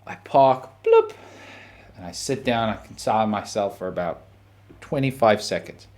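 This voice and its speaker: A man's voice: fairly low pitch, normal speed, a little mellow. A man, hosting a podcast and telling a story casually, acting out his own reactions and quotes. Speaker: podcast host.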